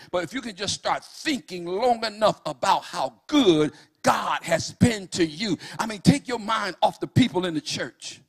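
A man preaching a fervent sermon in a church, swinging from loud calls to hushed storytelling. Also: sits high. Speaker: pastor.

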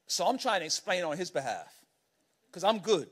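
High-voiced preacher telling a lively story. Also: male voice, normal speed, husky. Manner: animated, conversational, keeps asking "right?". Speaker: pastor. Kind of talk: sermon storytelling.

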